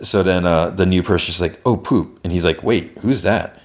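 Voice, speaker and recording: Low-voiced guy podcasting, rambling recap of a tv episode, lots of restarts. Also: fairly even intonation, moderate pace. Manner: rambling, many restarts, quotes characters in passing. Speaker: podcast host.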